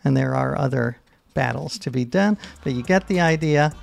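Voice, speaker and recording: A man's voice: medium pitch, moderate pace, vocal fry, music in the background. A man hosting a puzzle podcast, reading clues aloud and teasing his guest in a playful way.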